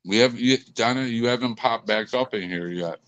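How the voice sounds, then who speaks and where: A man's voice: medium pitch, moderate pace, fairly bright tone, slight background noise, rough recording. A man hosting a live podcast, chatting easily and joking about sports. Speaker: podcast host. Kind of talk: casual live-stream chat.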